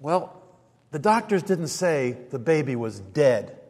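A man preaching a storytelling sermon, dropping to hushed asides and then building to loud, emphatic lines. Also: on the high side, sing-song, takes it slowly. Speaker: pastor. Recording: long reverb of a large hall.

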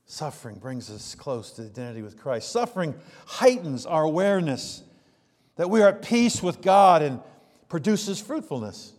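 A male preacher delivering a sermon, swinging between loud emphatic peaks and hushed low passages. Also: very animated, normal speed, long reverb tail.

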